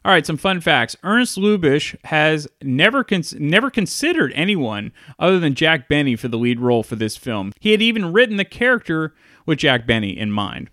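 A man's voice: on the high side, sing-song, normal speed, bright, forceful tone, no room sound, clean studio sound. Chatty man reviewing old films. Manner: enthusiastic, chatty retelling. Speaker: movie reviewer. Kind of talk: casual video review.

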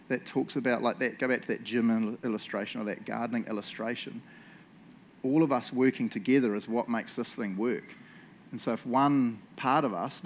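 A male lead pastor delivers a relaxed sermon into a handheld mic in a church hall. He talks in a middle pitch, laughing a lot and checking in with "eh?" and "right?". A faint hum of noise sits under the recording. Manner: chatty, jokey, laughs often, tags lines with "eh?" and "right?". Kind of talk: casual sermon. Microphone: handheld microphone.

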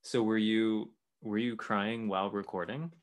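A woman's voice: extremely low pitch, fairly even intonation, a little slow. A woman interviewing a musician, asking short casual questions and laughing along supportively.

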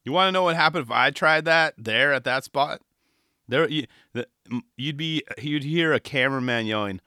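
Male podcast host, thirties, bright, animated, dry close sound. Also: mid-range voice, moderate pace, dry recording. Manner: enthusiastic, rambling, animated with quoted voices. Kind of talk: casual solo podcast talk.

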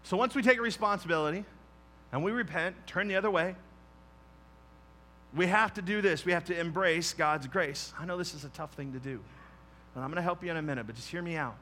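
A male pastor with a fairly high, bright voice delivers a sermon. He talks in a chatty, animated way and drops low and quiet to stress key points. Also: a little fast, long pauses. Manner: conversational, animated, swings to quiet emphasis.

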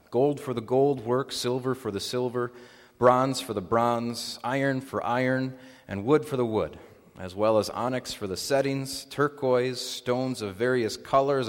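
Solemn male pastor in a reverberant church. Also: medium pitch. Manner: solemn, measured liturgical delivery. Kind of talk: liturgy and scripture reading. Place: church sanctuary. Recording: long reverb of a church hall.

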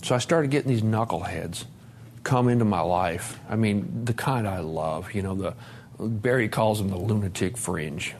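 Animated, profane man telling his recovery story. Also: on the low side, moderate pace, a little hiss or hum. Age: 40s. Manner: animated, profane storytelling with big swings from loud to soft. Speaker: speaker at a recovery conference. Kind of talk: personal recovery testimony. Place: conference hall talk.

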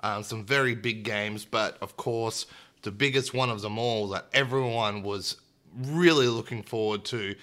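A man's voice: fairly low pitch, unhurried, sharp tone. A young man co-hosting a podcast in casual, upbeat chat, often acting out little voices. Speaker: podcast co-host.

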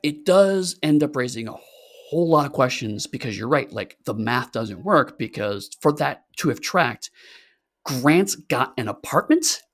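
In a casual podcast conversation, a male co-host wanders sarcastically from point to point, full of fillers and false starts. His mid-range voice is a bit bright and swings widely in pitch, though his pace stays measured.

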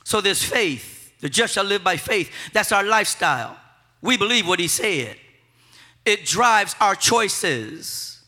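A male preacher with a high, very bright, piercing voice that swings widely in pitch. He preaches with fervor, hammering on repeated phrases and calling on the congregation to say them back. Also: animated, slow pace. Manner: fervent, repetitive, leads the congregation in call-and-response. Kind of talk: sermon.

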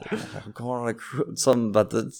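A man's voice: medium pitch, steady tone, brisk, vocal fry, a little mellow. A man co-hosting a podcast, teasing his friends in playful, casual chat. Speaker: podcast co-host.

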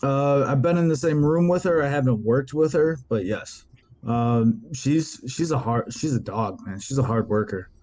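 A man's voice: medium pitch, moderate pace, a little mellow. A man guesting on a casual podcast, talking in a laid-back way with casual swearing.

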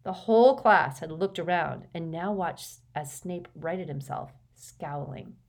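A woman narrating a novel as an audiobook, in a steady, measured storytelling manner. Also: fairly low pitch. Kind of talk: scripted narration.

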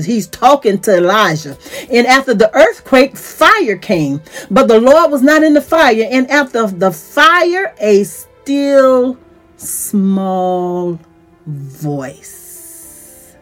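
Slow-speaking woman teaching from scripture. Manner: reads scripture aloud then retells it in plain words; voice rises in pitch when excited. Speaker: teacher of a church series. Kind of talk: Bible teaching.

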